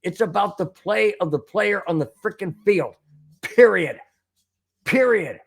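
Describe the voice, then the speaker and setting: A man with a high voice that swoops all over as he hosts a fan sports show. He rants emphatically, repeating his points with exasperated force. His talk is a spontaneous monologue to his viewers. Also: lively intonation, normal speed, gravelly, breathy edge.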